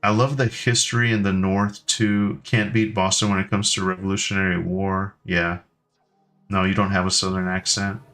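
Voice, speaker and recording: A man's voice: low-pitched, level tone, normal speed, fairly bright tone, faint music behind. A man in his thirties chatting casually with his stream viewers, rambling and hesitant with lots of ums and restarts. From United States. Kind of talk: casual live-stream chat.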